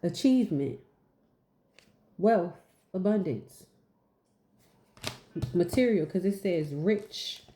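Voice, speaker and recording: A woman's voice: fairly low pitch, animated, takes it slowly, pauses often, mellow, roomy sound. A woman giving a casual spiritual message, repeating her points for emphasis and calling herself goofy. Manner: repetitive, emphatic, asks "right?". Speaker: spiritual teacher.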